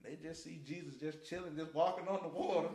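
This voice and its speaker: In a fast, slightly high voice, a male podcast co-host recounts Bible stories in a casual conversation about faith. He gets animated, performing different voices and shouting.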